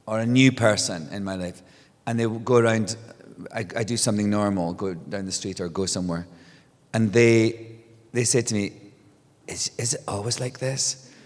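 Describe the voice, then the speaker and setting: A middle-aged man talks loosely and animatedly on stage, starting over and laughing as he goes. His voice sits a little low. The sound carries a long hall reverb. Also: normal speed. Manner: animated storyteller, restarts, laughs often. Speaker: guest author. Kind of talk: casual onstage conversation. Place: stage before a live audience.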